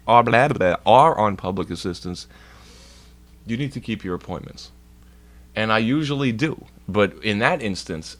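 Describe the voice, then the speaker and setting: A man with a somewhat low, slightly bright voice streams from home using a laptop mic. He wanders through a profane story in relaxed chat, putting on voices for the people in it.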